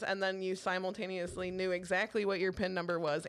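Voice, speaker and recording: Co-host woman, mid-pitched voice, lively storyteller who swears freely. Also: brisk, few pauses, clean tone. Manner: animated, swearing, laughing retelling. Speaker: podcast co-host. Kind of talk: casual storytelling chat.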